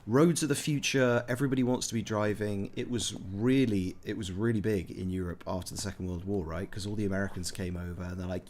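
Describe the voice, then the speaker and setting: A man's voice: lowish voice, quick pace, hardly any pauses, darkish tone. A man giving casual let's-play commentary, chatting with his chat and rambling into jokey asides. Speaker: gameplay commentator.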